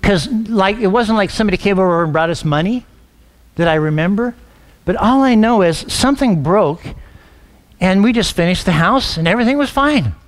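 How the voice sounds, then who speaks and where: A man's voice: sits high, lively intonation, moderate pace. A middle-aged man preaching a sermon as a pastor, telling a personal story with acted-out dialogue and frequent restarts. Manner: storytelling, acts out quoted dialogue; frequent restarts and repeated words.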